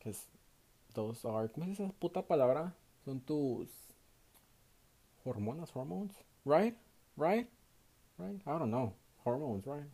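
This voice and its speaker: A young man from Houston, Texas, with a Mexican Spanish accent hosts a casual solo podcast. Worn out after a night shift, he swears freely and switches between English and Spanish. His voice is on the high side, mellow, and slightly rough, with lively intonation, an unhurried pace, and long pauses.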